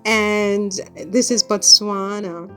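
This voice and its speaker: A woman's voice: mid-range voice, fairly even intonation, takes it slowly, fairly bright tone, faint music behind. A woman chatting to camera in a rambling vlog, laughing often between thoughts. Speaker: vlogger. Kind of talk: casual chat to camera. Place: home in France.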